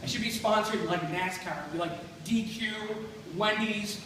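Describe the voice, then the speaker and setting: A man with a Western New York accent works through a stand-up set, landing blunt, crude, self-deprecating punchlines. His voice sits high for a man. It comes from a distance in a very echoey room with faint background noise. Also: normal speed, sharp tone. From Buffalo, New York. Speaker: stand-up comedian. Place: comedy club stage.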